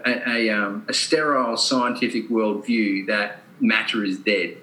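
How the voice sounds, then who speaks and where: A man's voice: medium pitch, sharp tone, roomy sound, poor audio. Man musing on spiritual ideas. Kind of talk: reflective spiritual talk.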